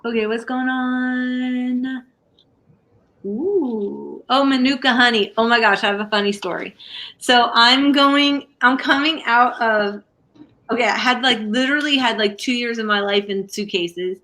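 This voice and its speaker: A woman's voice: a little high, fairly even intonation, unhurried, sharp tone. A woman hosting a livestream, chatting casually and telling rambling stories to her viewers with lots of fillers. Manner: chatty storyteller with many fillers. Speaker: livestream crafting host. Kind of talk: casual chat to a live audience.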